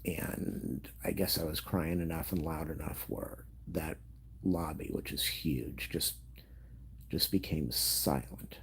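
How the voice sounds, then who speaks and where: A grieving man telling a personal story in a vlog, emotional and halting, at times dropping into a whisper. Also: extremely low pitch, fairly even intonation, creaky, slightly rough. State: grieving, on the edge of tears.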